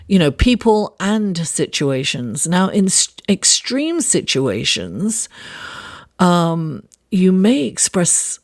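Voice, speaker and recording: A woman with a raspy, gravelly voice takes her time through a weekly horoscope and tarot reading. She is a little under the weather. Her delivery is unhurried and thoughtful, full of fillers and restarts. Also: medium pitch, darkish tone. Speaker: astrologer and tarot reader.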